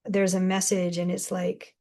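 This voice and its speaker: Animated woman sharing spiritual guidance. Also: lowish voice, unhurried. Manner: rambling, animated, acts out quoted voices with laughs. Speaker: spiritual channeler guest. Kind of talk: casual spiritual guidance talk.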